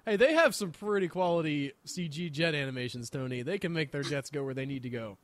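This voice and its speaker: A man's voice: fairly high pitch, animated, brisk. A man co-hosting a podcast in casual chat, enthusiastic and rambling with lots of fillers. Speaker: podcast co-host.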